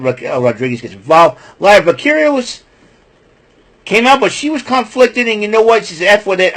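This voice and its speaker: A man giving a casual, rambling wrestling recap, repeating himself, getting fired up about the villains and clearing his throat often. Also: fairly high pitch, low-quality recording.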